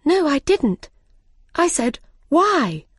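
A woman's voice: high-pitched, big pitch swings, slow pace, dry recording, clean studio sound, pitched above the performer's own voice, exaggerated voice. A woman voicing Alice, a curious young girl who speaks bluntly and a little impolitely. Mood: plucky.

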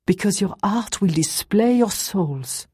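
A woman voicing a stern, formal older woman with slow, deliberate speech, read in an audiobook. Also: mid-range voice, expressive, dark tone, slightly rough, no room sound, clean studio sound, voice pushed up, heavily acted. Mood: probing.

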